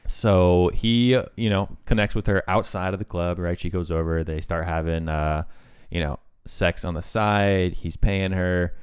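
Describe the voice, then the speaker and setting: A man's voice: deep voice, steady tone, unhurried, hardly any pauses, clean tone, dry recording, clean studio sound. A man co-hosting a casual film review podcast, laid-back and swearing freely, with plenty of fillers. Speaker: podcast co-host.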